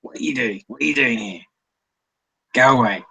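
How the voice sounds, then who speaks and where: A man's voice: medium pitch, normal speed, vocal fry, sharp tone, slightly rough, full character voice. A man doing a squawking, fussy seagull. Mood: squawky. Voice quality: squawking, barking.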